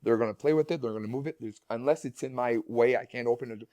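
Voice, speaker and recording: A man's voice: medium pitch, fast, mellow, no room sound, highs cut off. A man who is a guest speaker and parent, telling stories in a casual interview with many restarts and repeated words.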